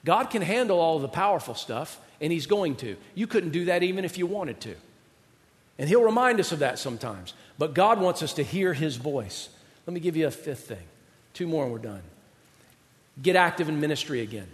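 A man preaching a sermon, swinging from loud emphasis to hushed near-whispers and acting out God's voice in paraphrase. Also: a little high, sing-song, normal speed, long reverb tail. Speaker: pastor.

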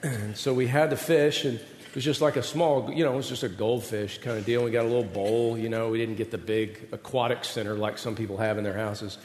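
A man's voice: medium pitch, steady tone, brisk, darkish tone, a little hiss or hum. Man, middle-aged, pastor, conversational sermon, self-deprecating, roomy echo, long hall reverb. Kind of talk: sermon with personal stories. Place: large hall with an audience.

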